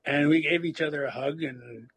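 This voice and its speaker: A man in recovery telling his personal story in a halting, reflective way, with many fillers and restarts. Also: on the high side, a bit bright, breathy edge, rough recording. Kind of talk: personal testimony.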